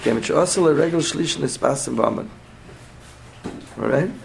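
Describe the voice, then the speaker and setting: A man with a gravelly, slightly raised voice teaches a Torah class over a faint hiss of background noise. He keeps posing questions to his listeners and repeats his points, tagging them with "yeah?". Hebrew and Yiddish words run through his English. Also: fairly high pitch, moderate pace, low-quality recording.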